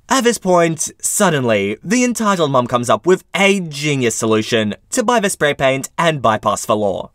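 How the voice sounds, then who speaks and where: A man reading Reddit stories aloud with his own commentary, in an expressive storytelling manner. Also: medium pitch, normal speed, hardly any pauses, dry recording, clean studio sound. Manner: animated, expressive storytelling with wide swings. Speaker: narrator.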